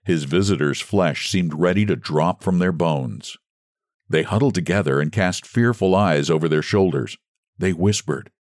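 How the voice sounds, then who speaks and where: A man narrating an audiobook story in an expressive, theatrical reading. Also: sits low, normal speed, dry recording, clean studio sound.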